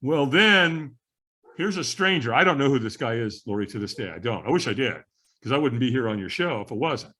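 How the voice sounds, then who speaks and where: Animated husky man telling a story. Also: medium pitch, fairly quick. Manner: animated storyteller, acts out quoted voices. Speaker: podcast guest. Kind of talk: storytelling in casual interview.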